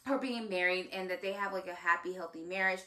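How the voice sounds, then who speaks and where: A woman co-hosting a casual drama recap, giving expressive, reflective commentary. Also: on the low side, fast, reverberant. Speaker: podcast co-host.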